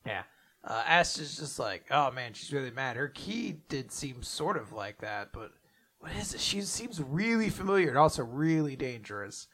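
A man co-hosting a casual manga discussion, retelling chapters loosely with profanity and quick character voices. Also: mid-range voice, sing-song, a bit bright. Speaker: podcast co-host. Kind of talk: casual manga recap chat.

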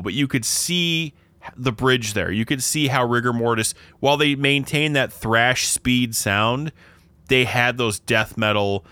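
A man's voice: mid-range voice, sharp tone, clean tone, dry recording. A man co-hosting a podcast in casual chat, telling long rambling stories that keep circling back on themselves. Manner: rambling, self-interrupting storyteller. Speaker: podcast co-host.

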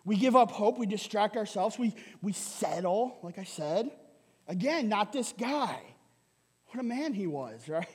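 A male pastor preaching a sermon in a lively way, often asking "right?" and laughing. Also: sits high, a little slow, slightly rough, long reverb tail. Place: church hall.

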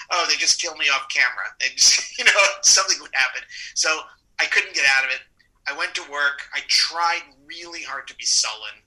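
Bright-voiced man telling animated stories. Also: medium pitch, rough recording. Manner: animated storyteller, laughs often, acts out quoted people. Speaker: actor guest. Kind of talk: anecdotal interview storytelling.

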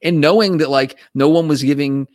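A man co-hosting a casual podcast discussion, animated and talking in quick restarts and repeated words. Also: on the high side, no echo, clean studio sound. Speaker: podcast co-host.

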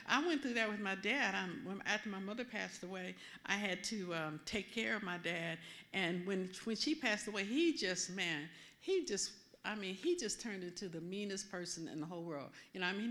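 A woman minister giving a sermon in an animated, conversational way, often asking her listeners questions. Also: mid-range voice.

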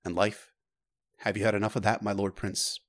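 A man voicing a calm elderly male maester who speaks softly and evenly, quieter and lower than his own voice. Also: close to an everyday voice. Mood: quiet pleading. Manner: soft, low and measured.

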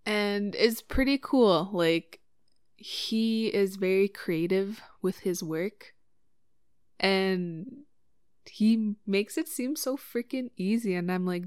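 A woman hosting a casual solo podcast, chatting about her streaming, swearing freely and getting animated when excited. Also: mid-range voice, slow pace, clean tone, no room sound, clean studio sound. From Cree community in Canada. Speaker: podcast host.

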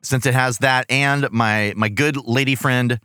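Male podcast co-host, animated and jokey, bright tone, dry close mic. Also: mid-range voice, measured pace, clear, resonant tone, no room sound. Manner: animated, jokey, laughs often. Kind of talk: casual chat.

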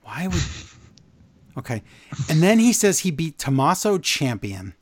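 A man's voice: measured pace, no echo. A man co-hosting a wrestling podcast, recapping the week's shows in casual chat, growing exasperated and incredulous. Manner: animated, exasperated, voice climbs high in disbelief. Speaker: podcast co-host.

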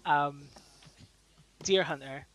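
A man's voice: fairly high pitch, extremely slow, a bit bright, dry recording, poor audio. A man hosting a casual chat, laughing often and using many fillers. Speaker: podcast host.

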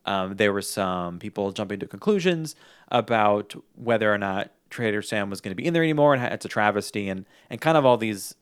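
An easygoing man hosting a podcast, chatting casually and rambling a little, with the odd chuckle. His voice sits on the low side. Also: lively intonation, a little fast, clear, resonant tone. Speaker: podcast host. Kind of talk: casual chat.

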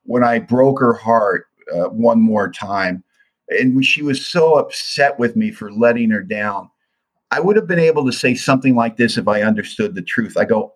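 A man's voice: mid-range voice, normal speed, rough recording. An older man giving an earnest, confessional talk about his own recovery. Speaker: recovery speaker. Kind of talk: personal testimony talk.

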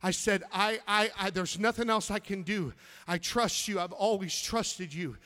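A middle-aged man's voice sits high as he preaches an ardent sermon at a measured pace. He goes from loud exclaiming to soft, near-whisper storytelling and repeats words when he's moved.

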